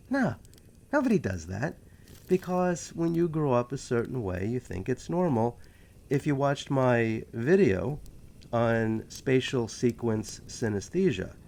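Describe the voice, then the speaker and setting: Gravelly New York man chatting. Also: medium pitch, darkish tone. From New York City. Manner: chatty, joking, self-aware asides. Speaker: history channel host. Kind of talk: casual rambling monologue.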